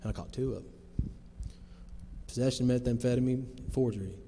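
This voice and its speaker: A man's voice: medium pitch, a little fast, mellow. Earnest man sharing his testimony in a hall. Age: 30s. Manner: plain-spoken, earnest storytelling with folksy phrasing. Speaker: testimony speaker. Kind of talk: personal testimony to a recovery group. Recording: long hall reverb, faint noise.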